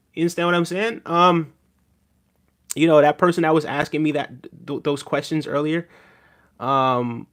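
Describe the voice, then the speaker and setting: A man hosting a podcast livestream, talking casually and teasingly to his chat, often tagging on "right?" and chuckling. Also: on the high side. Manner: conversational, teasing, frequent "right?" asides, chuckling. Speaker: podcast host reading live chat.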